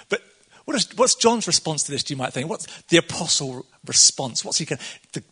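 Brief: male preacher, chatty conversational sermon, husky tone, slightly high voice. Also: very animated, brisk, pushed and bright. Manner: chatty and conversational, laughs often, acts out quotes. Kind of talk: casual sermon.

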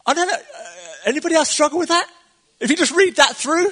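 A man's voice: extremely high pitch, moderate pace, long pauses, a bit bright. A man preaching a casual sermon, chatty and conversational, laughing often and acting out the quotes.

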